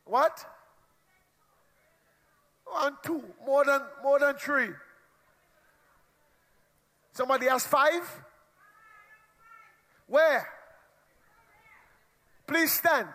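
Man, teasing church host, very high pitch, echoing hall. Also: very slow, long pauses, sharp tone. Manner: playful, teasing the congregation. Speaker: pastor leading a church meeting. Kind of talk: lively crowd interaction from the pulpit. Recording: long hall reverb.

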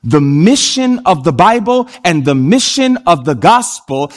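A man preaching a sermon, animated and speaking directly to the congregation. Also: on the high side, moderate pace, few pauses.

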